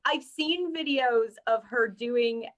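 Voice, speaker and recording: A woman co-hosts a podcast with a wry, amused edge, reading out news items and chatting. Her voice sits slightly high. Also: slow, fairly bright tone, lo-fi sound. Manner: wry, laughs while talking. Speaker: podcast co-host. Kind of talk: casual chat, reading news.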